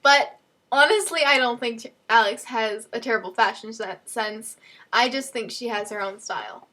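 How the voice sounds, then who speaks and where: A woman's voice: on the high side, moderate pace, bright, forceful tone. A young woman talking casually as a fan vlogger, rambling with lots of fillers and restarts. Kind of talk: casual chat.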